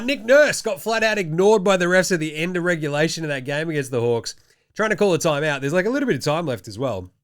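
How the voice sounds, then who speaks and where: A young man with an Australian accent runs through the day's basketball in a loose, irreverent commentary style. He jokes and swears freely. His voice sits a touch high for a man. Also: fairly bright tone. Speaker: basketball show host. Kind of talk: casual sports commentary.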